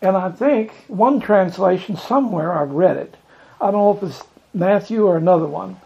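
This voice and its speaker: Bible study leader, folksy teaching, chuckles often, gravelly, mellow, slightly muffled recording. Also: mid-range voice, normal speed. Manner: folksy, chuckling, acts out scripture voices.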